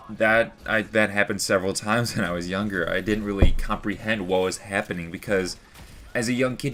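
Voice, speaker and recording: A man's voice: deep voice, a bit bright. A young man telling a personal story to the camera in a rambling, earnest way, full of "like" and "you know". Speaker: vlogger.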